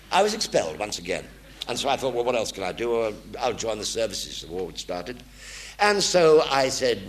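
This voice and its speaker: Older man, animated storyteller. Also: lowish voice. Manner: animated, acts out the voices in his stories. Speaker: actor telling anecdotes. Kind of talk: anecdotal storytelling.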